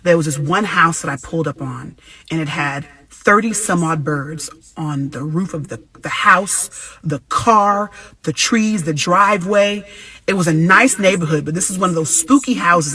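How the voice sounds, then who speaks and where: An American woman tells a story to camera as a social media influencer, dramatic and acting out the other voices in it. Her voice is bright and forceful, with a husky edge. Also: fairly low pitch, animated, moderate pace. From United States.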